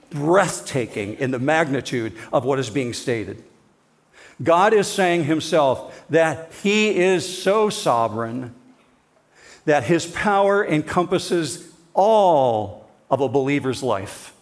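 A pastor preaching a sermon, emphatic, swinging between forceful declarations and hushed, slowed lines. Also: male voice, on the high side, expressive.

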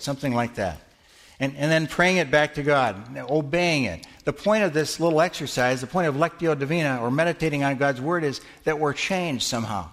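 A man's voice: fairly high pitch, moderate pace, fairly bright tone. A middle-aged male pastor giving a conversational sermon in a church, asking the congregation questions and answering them. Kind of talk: interactive sermon teaching.

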